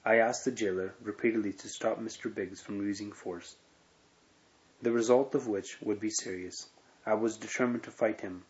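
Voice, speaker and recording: Low-voiced guy reading a memoir aloud, earnest and steady, kinda muffled lo-fi audio. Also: moderate pace. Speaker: reader of a memoir. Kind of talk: reading a first-person prison memoir aloud. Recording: dull lo-fi recording.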